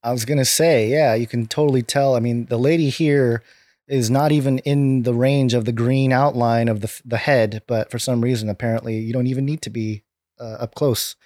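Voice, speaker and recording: A man co-hosting a live-streamed talk show, speaking haltingly with restarts and jokes. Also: medium pitch, fairly even intonation, darkish tone, no echo, clean studio sound. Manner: halting, restarts often, jokey. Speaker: co-host of a news talk show. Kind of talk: casual live-stream chat.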